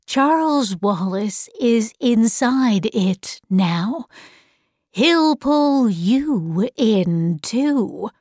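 Woman doing a calm, wise old otherworldly lady. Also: a little high, dry recording, studio quality, full character voice. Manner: calm, measured.

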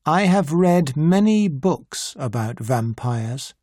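A grave older doctor who hunts vampires, as a slow audiobook reader puts him on. He speaks in a calm, measured way with very unhurried pacing, and the recording is dry and close. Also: mid-range voice, no echo. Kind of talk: audiobook character voice.

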